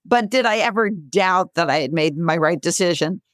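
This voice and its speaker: A woman in her sixties, a guest author and speaker, telling stories in an interview with lively, laughing delivery. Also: moderate pace, no room sound, studio quality. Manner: animated, acts out quotes with bright pitch jumps, laughs often. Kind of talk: conversational storytelling.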